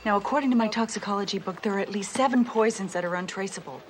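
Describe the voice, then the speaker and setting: A level-headed female detective, played by a woman explains things briskly and plainly. Faint ambient noise sits behind her. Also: medium pitch, natural voice. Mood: explaining. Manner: matter-of-fact, explaining. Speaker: police detective.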